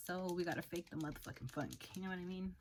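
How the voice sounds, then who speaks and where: A woman's voice: on the low side, heavy background noise. A young woman, a hairstylist, chatting frankly and profanely while doing her makeup. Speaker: hairstylist and beauty vlogger.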